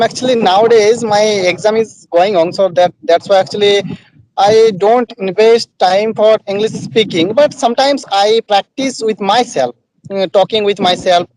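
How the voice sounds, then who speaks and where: A young man talks on a video call in a notably high voice. He is polite and halting, addressing his partner as ma'am and leaning on the word actually. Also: rough recording. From West Bengal, India. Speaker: conversation partner, learner. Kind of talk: casual conversation practice call.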